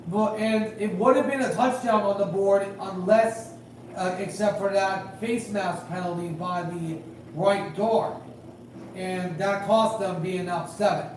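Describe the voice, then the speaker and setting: A man calling a game live in casual play-by-play, rambling and hedging with fillers, growing excited on big plays. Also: high voice, unhurried. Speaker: amateur game commentator and high school official. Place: at home at night. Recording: very echoey room, distant mic, faint noise.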